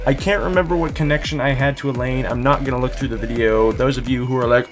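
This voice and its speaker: A man's voice: mid-range voice, steady tone, fast, hardly any pauses, over music. A young man hosting a gaming channel, giving a goofy, rambling casual recap of his playthrough. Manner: goofy, rambling, jumps between whispers and squeals. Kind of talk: casual video game recap.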